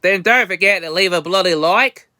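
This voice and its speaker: A man's voice: sits high, normal speed, sharp tone, no echo, studio quality. A man putting on a bad fake Australian accent, playing a brash, slangy bloke who swears playfully. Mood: rowdy.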